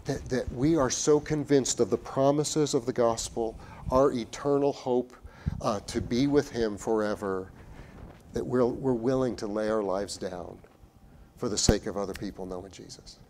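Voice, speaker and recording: A pastor preaches with earnest conviction, pressing key phrases hard and then easing into a hushed, tender tone. His mid-range man's voice restarts and repeats words as he builds each point. A faint hum sits under the recording. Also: medium pitch, normal speed. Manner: earnest, building to emphatic peaks then dropping to quiet. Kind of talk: sermon.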